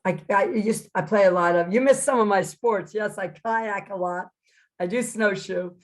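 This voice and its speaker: A woman's voice: mid-range voice, normal speed. A middle-aged woman, a PE teacher, chatting as an interview guest and acting out her own reactions as she tells her story. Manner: animated, acts out her own reactions in quotes.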